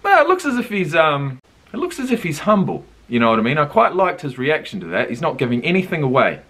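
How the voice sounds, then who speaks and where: A young man with a New Zealand accent, hosting a casual reaction video and thinking aloud with lively surprise. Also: medium pitch, a little fast, breathy edge. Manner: animated, thinks aloud, laughs and swears in surprise.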